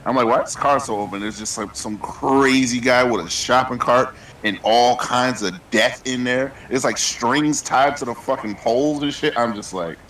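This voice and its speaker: A man's voice: mid-range voice, normal speed, fairly bright tone, reverberant, far from the mic, a little hiss or hum, low-quality recording. A man telling a rambling story in casual, profane slang on a gaming stream. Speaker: streamer co-host. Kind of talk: casual chat while gaming.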